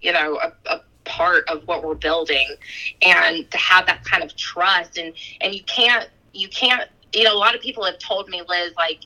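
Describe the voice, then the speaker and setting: Bright-voiced woman coach, heartfelt and gushing. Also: on the low side, fairly even intonation, normal speed, low-quality recording. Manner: heartfelt, gushing, with frequent "like" and laughter. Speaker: fitness coach and gym owner. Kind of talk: emotional podcast conversation.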